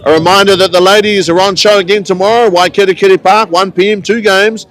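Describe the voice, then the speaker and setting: A man giving relaxed, chatty live commentary on a local rugby match, with friendly asides between the plays. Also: high-pitched, quick pace, poor audio. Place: outdoors at a rugby ground.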